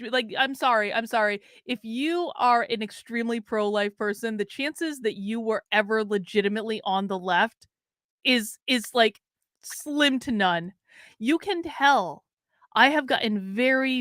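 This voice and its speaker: Bright, crisp-voiced woman livestreamer. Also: fairly high pitch, dry recording, clean studio sound. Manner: frank and blunt, talks straight to chat, swears. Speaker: livestream host. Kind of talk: casual political commentary livestream.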